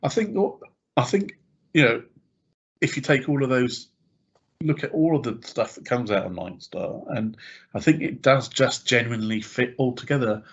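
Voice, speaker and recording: A man's voice: medium pitch, lively intonation, normal speed, creaky, husky, dull audio. A man hosting a podcast in casual chat, hesitant and agreeable, often restarting his sentences and using lots of fillers.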